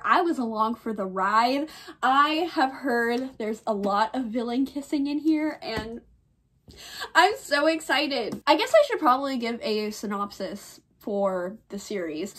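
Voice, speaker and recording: A young woman chatting through a casual reading vlog, her voice sitting a little high. She talks in an excitable, gushing way about what she reads. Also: slight background noise. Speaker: book vlogger.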